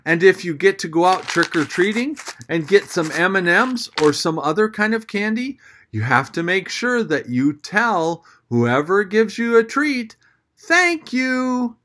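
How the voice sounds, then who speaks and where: A children's church storyteller reading a picture book aloud and talking directly to kids, with gasps and an animated manner. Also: mid-range voice, unhurried.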